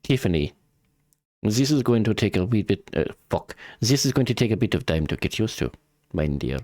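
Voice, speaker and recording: A man's voice: on the low side, sing-song, moderate pace, a little mellow, dry recording, studio quality. A man voicing a dazed, exhausted father with a wobbly put-on foreign accent, drawling and calling people darling. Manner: drawling, exhausted, fond pet names.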